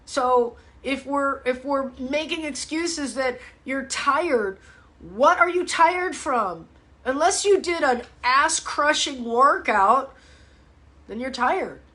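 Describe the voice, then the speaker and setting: A high, bright-toned woman coaching her viewers on a casual live stream. She talks bluntly and with fired-up energy, calls people out and swears freely. Her voice sits high and carries a bright, forceful edge. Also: animated, slow. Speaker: fitness coach hosting a live ask-me-anything show. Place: home, speaking to a live audience online.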